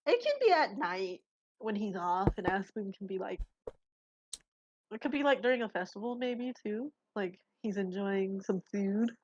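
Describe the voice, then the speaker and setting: A woman's voice: mid-range voice, lively intonation, moderate pace, darkish tone, no echo. A woman narrating her character's actions in a casual improv roleplay, hesitant with fillers. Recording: dull dry lo-fi mic.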